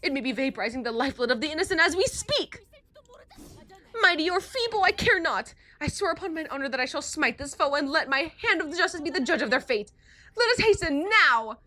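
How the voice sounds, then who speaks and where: A woman's voice: high-pitched, big pitch swings, brisk, sharp tone, pitched above the performer's own voice, full character voice. A woman voicing a zealous young female knight who declaims in rousing, archaic speech. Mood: heroic.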